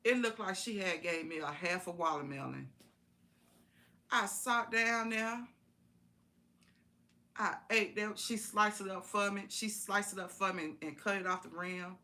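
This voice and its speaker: Bright-voiced woman telling a folksy story. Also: medium pitch, measured pace, pauses often. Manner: folksy, repeats phrases for emphasis. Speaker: live-stream storyteller. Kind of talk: casual spoken storytelling.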